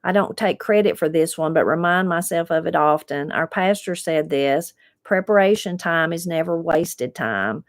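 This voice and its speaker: Low-voiced folksy Appalachian woman. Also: no echo. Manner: unhurried, folksy, reflective. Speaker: host reading viewer comments. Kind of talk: casual chat.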